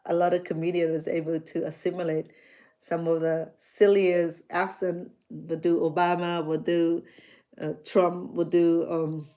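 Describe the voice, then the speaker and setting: A woman's voice: on the low side, unhurried. A middle-aged woman from Cambodia with a Cambodian accent, chatting casually to her viewers and acting out conversations as she tells stories. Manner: animated storytelling, acts out dialogue, frequent restarts. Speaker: chef and vlogger.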